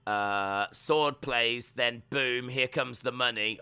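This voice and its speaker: A man's voice: medium pitch, slow, few pauses, pushed and bright, smooth. A young man streaming a live wrestling watch-along, joking, rambling and reading viewer comments aloud.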